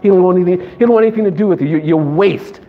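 A man's voice: high voice, very fast. A male preacher delivering a sermon to a live congregation, mixing playful joking asides with call-and-response. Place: church service with a live congregation. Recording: slightly dull recording, faint background noise.

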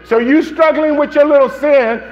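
High-voiced man preaching with stories. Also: normal speed, muffled recording. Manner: storytelling, acts out quotes, asks "okay?". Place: church congregation.

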